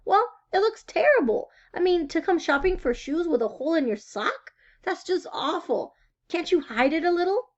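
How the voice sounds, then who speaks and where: A woman's voice: very high-pitched, very animated, moderate pace, dull audio, voice pushed up. A woman reading aloud, voicing a fussy, worried mother who scolds her sons. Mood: fussing. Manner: anxious, scolding, emphatic.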